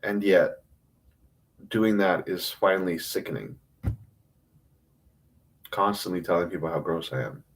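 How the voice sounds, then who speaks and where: Emotional and self-critical, a man rambles through a confession on a livestream, restarting haltingly and swearing a lot. His voice is low, with a slight hiss or hum.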